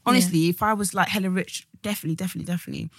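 A woman's voice: on the low side, steady tone, racing, creaky, dry recording, studio quality. A woman, co-hosting a podcast in casual, slangy chat that trails off and restarts. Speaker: podcast co-host.

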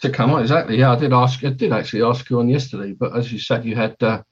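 A man's voice: medium pitch, quick pace, slightly rough, muffled recording. A man hosting a podcast in casual chat, rambling and correcting himself as he talks. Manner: rambling, self-correcting, chatty. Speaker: podcast host.

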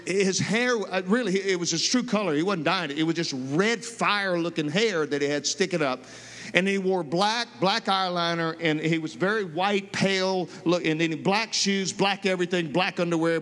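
A male pastor tells a story in a sermon, keeping it animated and restarting his phrases often. His voice sits high. A long reverb from a large sanctuary trails each phrase. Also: moderate pace. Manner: animated storytelling with repeated words.

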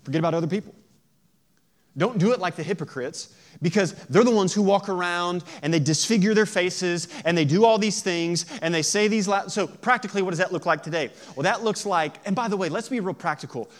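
A man preaching a sermon in a lively, joking way, acting out quoted voices. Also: high-pitched, fairly quick. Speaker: pastor.

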